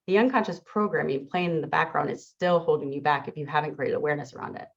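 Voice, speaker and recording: A woman with a low, deep-set voice delivers an earnest, reflective motivational talk to a listening audience. She sounds middle-aged and speaks as a teacher and coach. The recording is dull and lo-fi.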